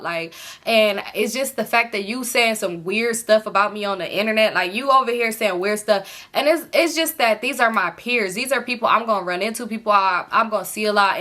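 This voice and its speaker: A woman's voice: mid-range voice, pushed and bright. A woman in her late twenties telling a personal story to her viewers in a candid, chatty way, talking to them directly and swearing freely. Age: late 20s. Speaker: storytime vlogger.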